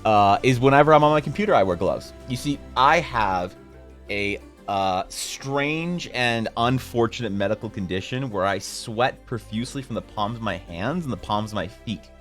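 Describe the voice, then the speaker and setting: A man's voice: on the low side, animated, normal speed, fairly bright tone. A young man on a live art stream, telling a rambling, self-mocking story with some casual swearing. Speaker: streamer and artist. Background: faint music.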